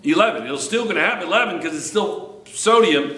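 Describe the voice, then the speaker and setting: A man's voice: fairly high pitch, lively intonation, normal speed, hardly any pauses. A man teaching a chemistry class, lecturing and teasing his students with jokes. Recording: echoey classroom with faint background noise.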